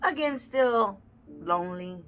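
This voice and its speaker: Woman venting about her past, swears a lot, bright sharp voice, faint music behind. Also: medium pitch, slow. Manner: blunt and heavily profane; animated, acts out the people in her story. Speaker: tarot reader and vlogger. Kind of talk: candid personal storytelling.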